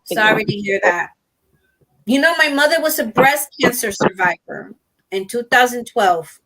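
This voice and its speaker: A middle-aged woman in casual chat on a stream panel, talking softly and haltingly with many fillers. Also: a little high, rough recording.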